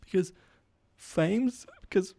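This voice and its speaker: A man's voice: sits high, drawn-out words, vocal fry, mellow, no echo, pitched above the performer's own voice, heavily acted. A man putting on a brash Aussie bro comic. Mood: cocky. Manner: brash, blokey banter full of mate and bro. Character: crass, cocky young male bloke stand-up comic.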